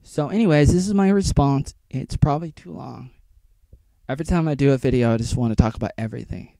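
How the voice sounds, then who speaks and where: A man talking on his own in a rambling vlog, sliding from loud bursts to low muttering. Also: fast talker, vocal fry, no room sound. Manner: rambling, jumps between mocking squeals and low muttering. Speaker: vlogger.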